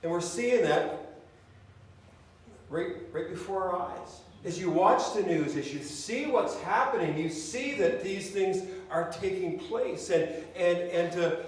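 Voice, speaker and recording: A man preaching a sermon as pastor, speaking haltingly with many restarts and fillers. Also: sits high, lively intonation, a little hiss or hum. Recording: echoey hall, mic at a distance.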